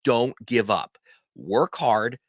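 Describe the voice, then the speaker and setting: An earnest, upbeat man speaks straight to his viewers like a friendly teacher. His voice sits at a medium pitch and leaps upward whenever he stresses a point. The close, dedicated mic keeps the sound dry, with almost no room echo. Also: animated, slow pace. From Pennsylvania Dutch country. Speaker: language teacher and channel host. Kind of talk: encouraging direct-to-camera promo talk. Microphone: dedicated microphone.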